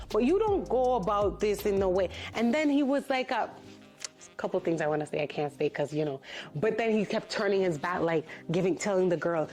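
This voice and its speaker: Animated woman telling a storytime. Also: mid-range voice, a little fast, faint music behind. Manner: animated, indignant retelling with quoted voices. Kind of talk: casual storytime.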